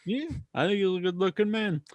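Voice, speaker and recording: High-voiced man ranting on a podcast. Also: a little fast, no echo. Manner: opinionated, ranting. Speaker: podcast host reading listener questions. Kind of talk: casual wrestling podcast chat.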